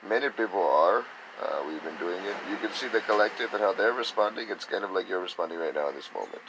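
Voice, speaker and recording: A man's voice: low voice, animated, fast talker, background noise. A man giving a rambling, casual spiritual talk, acting out other people's reactions in quoted voices. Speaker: spiritual speaker.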